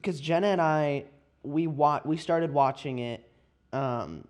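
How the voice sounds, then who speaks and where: A young man hosting a podcast, talking about movies in a casual, animated way with frequent laughs. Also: a little high, slow pace. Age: young adult. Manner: animated, laughs often, many restarts. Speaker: podcast host. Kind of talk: casual chat.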